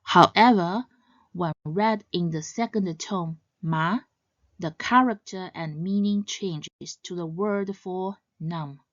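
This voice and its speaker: A woman giving a scripted educational narration as a language teacher, in a measured, clearly explaining way. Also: lowish voice, no echo, muffled recording.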